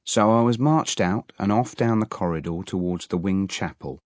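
A man's voice: deep voice, moderate pace, a little mellow, dry recording. A man narrating an audiobook in a wry storytelling manner. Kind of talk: audiobook reading.

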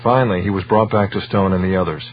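A man with a low voice narrates an audiobook in a measured, even way. The recording is dull and lo-fi, with a faint hum underneath.

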